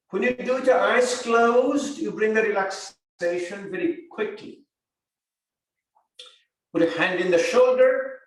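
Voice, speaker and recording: An older man teaching yoga therapy, giving calm guided instruction and repeating breathing cues. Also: high-pitched. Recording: very echoey room, mic far off.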